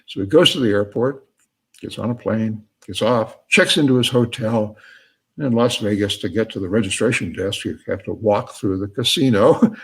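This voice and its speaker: Lecturer, male, low and husky, tells jokes and laughs at them. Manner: storytelling, laughs at own jokes. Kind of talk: lecture with joke-telling.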